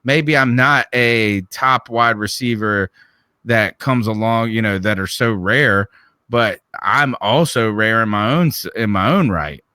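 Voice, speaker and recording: Man, Southern accent, bright tone, dry close sound, casual sports talk, rhetorical questions. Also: on the low side, unhurried, smooth, dry recording. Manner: conversational, prone to restarts and rhetorical questions. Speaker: podcast co-host.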